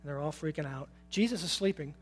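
A man's voice: fairly high pitch, fairly quick, breathy edge, soft background music. Casual, chuckling male preacher. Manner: informal, asks the audience questions, chuckles often. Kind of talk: conversational sermon.

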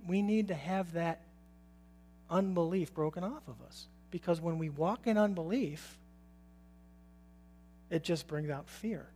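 A man preaching a sermon in an informal, conversational way, putting questions to his listeners and chuckling now and then. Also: high-pitched. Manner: informal, asks the audience questions, chuckles often.

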